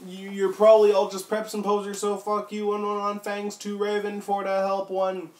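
A man reads aloud in an over-the-top comic style, switching into silly voices and breaking off to comment. His voice sits a bit high and his throat is sore from a week of coughing. The room around him is echoey. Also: monotone, normal speed, a little mellow. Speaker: comedic reader. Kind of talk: mock dramatic reading with friends.

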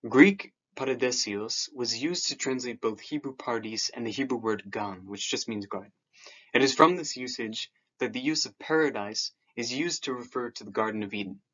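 A man's voice: mid-range voice, normal speed, fairly bright tone, lo-fi sound. A man giving a video lecture on scripture, talking in a hesitant way with fillers and restarts.

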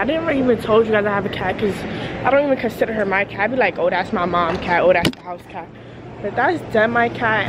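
A woman's voice: on the high side, lo-fi sound. Chatty young woman vlogging on the go. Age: young adult. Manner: chatty and slangy, talks straight to viewers. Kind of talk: casual vlog chat. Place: travelling through an airport, plane and hotel room. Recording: noisy background.

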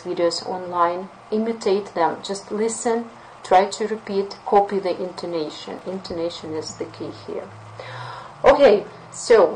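A woman's voice: medium pitch, a little hiss or hum, rough recording. Russian-accented woman teaching a webinar. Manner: lively, with playful acted examples. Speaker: English teacher. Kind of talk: webinar lesson.

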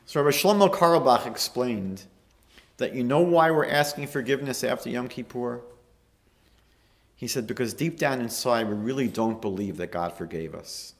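A man's voice: medium pitch, normal speed. A man, a rabbi, giving a storytelling lecture on a holy day that rises to emphatic peaks. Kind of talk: lecture sermon.

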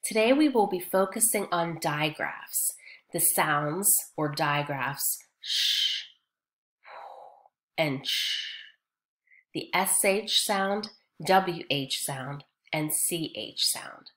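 Woman phonics teacher for small kids, lowish voice, slow drawn-out repetition with encouraging prompts. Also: fairly bright tone. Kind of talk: early-grade phonics lesson.

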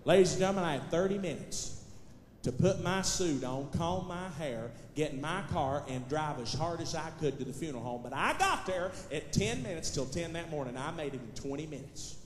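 Man, stand-up storyteller, high voice, echoey hall, long reverb. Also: animated, a little fast, a little hiss or hum. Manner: folksy Southern storyteller, building to loud punchlines. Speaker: gospel comedian telling a story on stage. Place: large hall with live audience.

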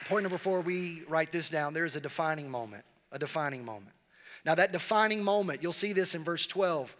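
A middle-aged man preaching a sermon as pastor, animated and repeating phrases as he speaks straight to the congregation. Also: fairly high pitch, brisk. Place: large church sanctuary. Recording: long reverb of a large hall.

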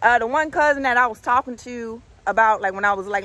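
A woman in her thirties telling a story in a casual vlog outdoors, animated and profane, calling viewers honey and y'all. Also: a little high, quick pace, slight background noise. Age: 30s.

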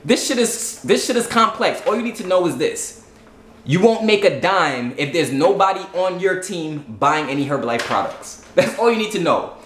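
A man's voice: high-pitched, animated, moderate pace, fairly bright tone. Southern us guy explaining stuff to camera, blunt salesy chat, echoey room with faint hum. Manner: repeats "right?" and "you get what I'm saying", blunt and salesy. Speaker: YouTube host explaining a sales plan. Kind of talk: casual explainer monologue.

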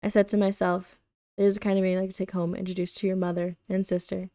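A woman reading the lines of a gloomy, sentimental older male gangster in her plain, even reading voice. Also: medium pitch, quick pace, dry recording, lightly acted.

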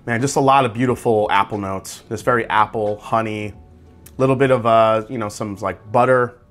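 A man hosting a casual whiskey tasting review, describing tasting notes aloud in a relaxed, conversational way. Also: on the low side, moderate pace, faint music behind. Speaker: whiskey reviewer, channel host.

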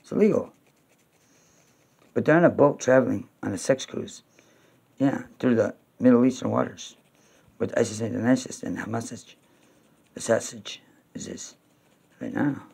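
A man from New York talking to camera in a rambling, repetitive way, now and then breaking into loud, high-pitched pleading. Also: normal speed, gravelly, pauses often, breathy edge. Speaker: video blogger.

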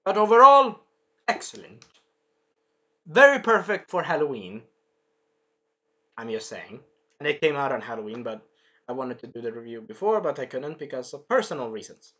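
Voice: mid-range voice, very animated, normal speed, long pauses, sharp tone, highs cut off. Rambling, swearing show reviewer. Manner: rambling, swearing, many fillers and restarts. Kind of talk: casual video review.

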